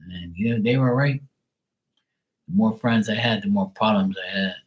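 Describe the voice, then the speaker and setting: A man's voice: fairly low pitch, moderate pace, rough recording. A man chatting casually on a live tarot stream, blunt and swearing freely. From Bermuda.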